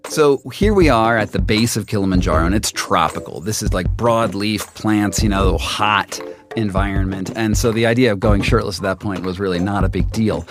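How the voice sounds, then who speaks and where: A journalist telling his own story in the first person, halting and restarting as he animatedly recounts events. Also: on the low side. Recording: music underneath.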